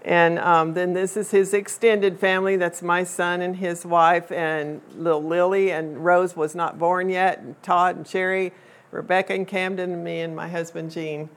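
An older woman telling a personal family story to a group in a chatty, unhurried way, with frequent fillers and restarts. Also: lowish voice, flat delivery.

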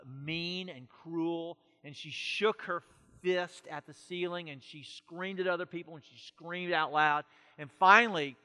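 A man preaching a sermon with great passion, moving between loud urgent passages and hushed quiet ones. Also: a little high. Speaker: pastor. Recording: long hall reverb.

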